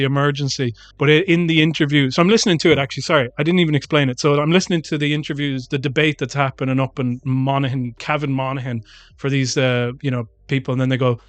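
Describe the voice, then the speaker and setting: A man co-hosting a podcast, rambling and animated in casual chat, swearing freely. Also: a little high, fast, no echo. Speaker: podcast co-host.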